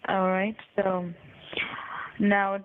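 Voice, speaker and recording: A woman's voice: mid-range voice, completely flat delivery, drawn-out words, a loud crowd. A woman on a phone call patiently giving step-by-step typing instructions, spelling out letters. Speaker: scam caller. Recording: tinny phone line.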